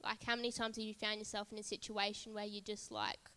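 Woman preacher, sermon, earnest, repetitive, bright tone, flat melody. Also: mid-range voice, brisk, long reverb tail. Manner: repetitive, earnest, building emphasis. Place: church service.

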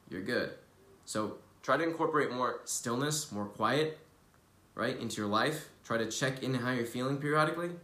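A man's voice: mid-range voice, pushed and bright. A man giving casual, preachy motivational talk on a vlog, loose and earnest, swearing freely. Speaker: spiritual wellness vlogger. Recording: roomy echo.

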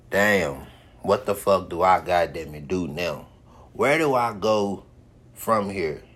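A man's voice: fairly low pitch, a bit bright. A man hosting his own podcast, giving a profane, repetitive motivational monologue with heavy swearing. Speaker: podcast host.

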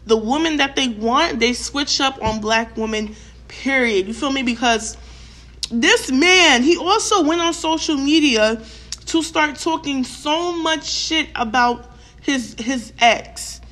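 A young woman, telling a storytime rant to her vlog audience, animated and profane, with lots of filler words and re-enacted quotes. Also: sits high, slow. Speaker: vlogger.

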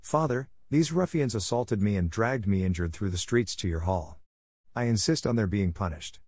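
A man's voice: lowish voice, animated, a little fast, a little mellow, dry recording, clean studio sound, natural voice. A man voicing an arrogant young lordling. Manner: haughty and demanding.

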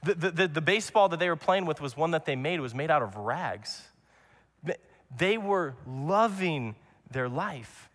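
A man's voice: a little high, expressive, normal speed, a bit bright. Earnest young man preaching in a reverberant hall. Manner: earnest, repetitive preaching with restarts. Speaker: pastor. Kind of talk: sermon.

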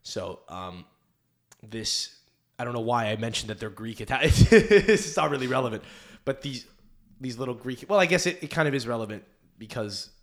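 A man's voice: mid-range voice, sing-song, normal speed. A young man hosting a podcast in casual chat, rambling through stories and swearing often. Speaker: podcast host.

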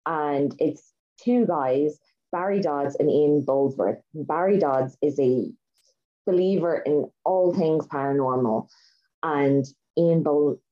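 Low-pitched and slow, a female podcast co-host rambles enthusiastically through a story, peppering it with fillers. It's a casual chat recorded with dull lo-fi sound.

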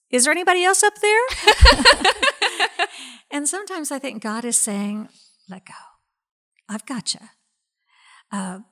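A woman who directs a ministry, giving an earnest faith testimony in an interview, slow and hesitant with many fillers and soft, breathy stretches. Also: mid-range voice.

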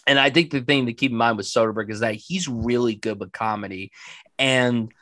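A man chatting casually about a film he loves on a podcast, enthusiastic and animated. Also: medium pitch, fairly quick, no room sound. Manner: enthusiastic, animated, acts out quotes. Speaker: film reviewer.

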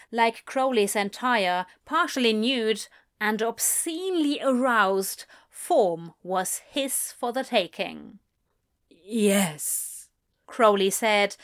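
A woman reading fan fiction aloud in calm, measured narration. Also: medium pitch, clear, resonant tone. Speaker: reader.

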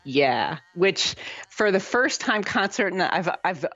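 A woman's voice: slow, no echo, highs cut off. A woman with a Midwestern American accent, telling stories as an interview guest and acting out the voices of the people in them. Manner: animated, acts out quoted voices with big pitch jumps. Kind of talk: storytelling interview.

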